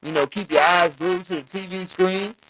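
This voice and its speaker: A man co-hosting a casual boxing live stream, talking excitedly about a fight and tagging "man" onto his sentences. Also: high voice, normal speed, poor audio. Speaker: co-host.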